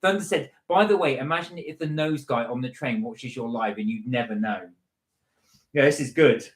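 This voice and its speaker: A man's voice: mid-range voice, moderate pace, roomy sound. A man from the West Country co-hosting a live stream, chatting casually and telling stories with frequent laughs. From West Country of England. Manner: chatty storyteller, laughs often, slips into impressions. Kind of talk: casual chat.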